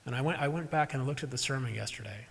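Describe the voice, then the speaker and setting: Husky-voiced pastor telling a story. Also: male voice, medium pitch, fast. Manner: conversational, self-deprecating, with asides to the congregation. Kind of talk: storytelling sermon. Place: church sanctuary during a live service. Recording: echoey church hall.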